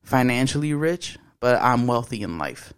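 A man's voice: medium pitch, big pitch swings, moderate pace, clear, resonant tone. Young male podcast co-host with a mid-range voice, blunt and profane, casual storytelling. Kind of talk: casual chat.

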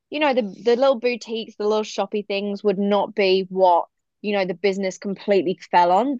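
A British business owner from the UK appears as an enthusiastic podcast guest, chatting casually in an interview with lots of fillers and laughter. Her voice is mid-range and a little mellow, and the recording sounds dull and dry, with no room sound.

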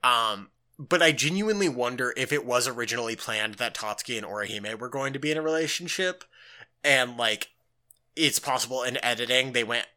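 Bright-voiced man recapping casually. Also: medium pitch, a little fast. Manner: animated, filler-heavy, acts out quotes. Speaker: podcast co-host.

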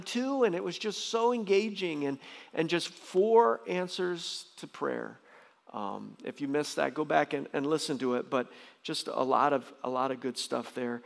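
Gravelly pastor preaching with emphatic bursts. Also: male voice, lively intonation, moderate pace. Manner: emphatic, swings into loud high bursts. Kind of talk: sermon. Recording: long reverb of a large hall.

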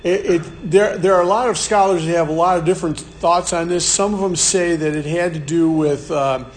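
Male Bible study teacher, fairly high voice, chatty and halting, faint hiss. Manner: conversational, repeats words and restarts, chuckles. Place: room with a live group.

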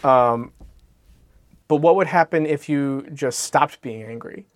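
A man's voice: mid-range voice, takes it slowly, dry recording, studio quality. A man co-hosting a podcast, telling a long story in a casual, rambling way and often correcting himself. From Alaska.

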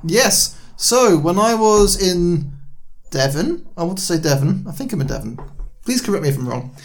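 Male podcast co-host, gravelly and a little high, dry deadpan humor in casual chat. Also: normal speed. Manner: dry, jokey, deadpan quips.

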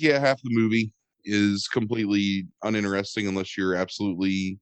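A man's voice: lowish voice, clear, resonant tone, no room sound. A man chatting casually as a podcast host about a movie, rambling and sarcastic, swearing and filling gaps with "um" and "like.". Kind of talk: casual chat.

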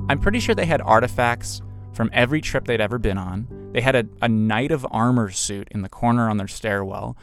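A man telling a personal story in a casual, conversational way, with fillers and restarts. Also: mid-range voice.

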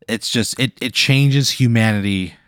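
A man's voice: medium pitch, a little slow, a bit bright, clean tone, no echo, studio quality. A man co-hosting a comedy podcast, rambling through an absurd improvised hypothetical. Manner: rambling, building an absurd scenario.

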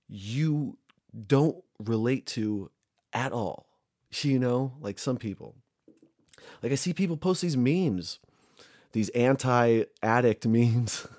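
A man's voice: lowish voice, a little mellow. A young man, a recovering addict, ranting casually and angrily, swearing a lot and rambling with many fillers. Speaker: recovering addict sharing his views. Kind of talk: casual rant to camera.

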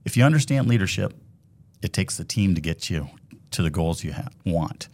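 Deep-voiced Minnesotan man, earnest. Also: expressive, moderate pace, a little mellow. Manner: earnest, upbeat, talks in leadership phrases. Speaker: credit union CEO, podcast guest. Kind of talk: casual interview.

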